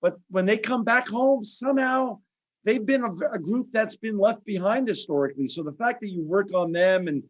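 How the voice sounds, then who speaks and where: A middle-aged man hosts an interview, speaking earnestly and emphatically in long, speechlike runs. His voice sits notably high for a man. The sound is muffled and lo-fi. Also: normal speed. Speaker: podcast host. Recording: dull lo-fi audio.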